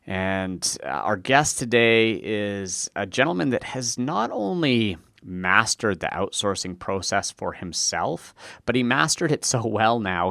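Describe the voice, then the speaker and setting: A man's voice: fairly low pitch, sharp tone, clean tone, no room sound. A man hosting a podcast interview, upbeat and enthusiastic, speaking into a close studio mic. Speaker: podcast host.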